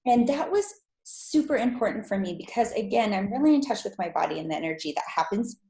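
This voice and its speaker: Animated woman telling a story, echoey room. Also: fast, gravelly. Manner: animated, acts out quotes in high voice. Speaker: podcast guest. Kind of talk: casual storytelling interview.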